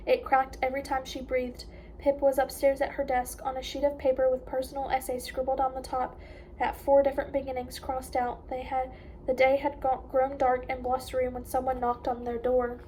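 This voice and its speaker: A woman reading a chapter of a novel aloud in a high voice, expressive and emotional. Faint hiss sits behind her. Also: normal speed. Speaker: audiobook reader.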